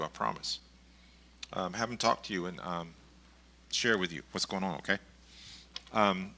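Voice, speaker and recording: A middle-aged male pastor delivers a relaxed, conversational sermon, wandering through stories with chuckles and frequent restarts. His voice is fairly low with a sharp edge.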